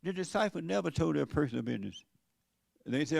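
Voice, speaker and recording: A man's voice: a little high, lively intonation, fairly quick, creaky, a little mellow, dry recording. An older man preaching a sermon in a plain-spoken, folksy way, asking his listeners questions. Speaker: pastor.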